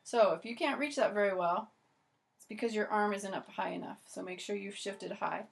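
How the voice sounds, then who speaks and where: A woman's voice: medium pitch, normal speed, vocal fry, over loud music. A woman teaching violin in a video lesson, chatty and encouraging, with many "so" and "okay" starts. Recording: loud violin playing between phrases.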